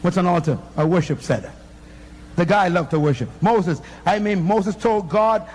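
A man's voice: sits high, moderate pace, darkish tone. A man preaching a fiery sermon, emphatic and firing off rhetorical questions at the congregation. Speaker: pastor.

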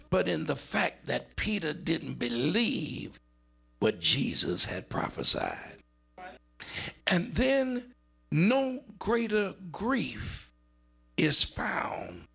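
Gravelly, raspy preacher man. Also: bright, forceful tone. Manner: dramatic, swings from high urgent cries to low murmurs. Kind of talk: sermon.

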